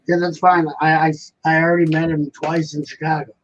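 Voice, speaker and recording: A man's voice: a little high, little pitch movement, brisk, dull audio, a little hiss or hum. A man hosting a casual live-stream chat, joking and rambling in a mock-grumpy way.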